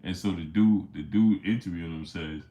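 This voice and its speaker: A man's voice: deep voice, moderate pace, warm tone. Male sports streamer, casual and rambling, full of fillers and restarts, keeps breaking off to greet chat viewers by name. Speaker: sports channel host. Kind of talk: casual livestream storytelling.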